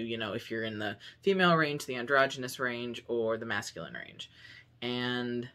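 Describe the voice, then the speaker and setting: A young man talks casually to his camera at home in a vlog. His voice sits at a middle pitch for a man. He is chatty and upbeat, rambling along with plenty of fillers. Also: sharp tone. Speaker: vlogger. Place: home room.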